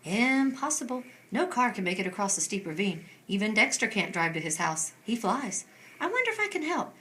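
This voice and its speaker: A woman doing a soft, thoughtful spider lady. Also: medium pitch, sing-song, brisk. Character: calm, thoughtful female spider who weaves webs. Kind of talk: storybook read-aloud.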